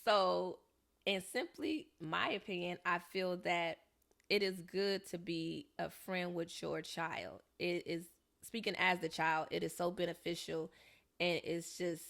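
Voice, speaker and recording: A woman's voice: on the low side, unhurried, creaky. A young woman from Southern California co-hosting a podcast, telling a story in casual chat and acting out the people she quotes. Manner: animated, acts out quoted voices. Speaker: podcast co-host.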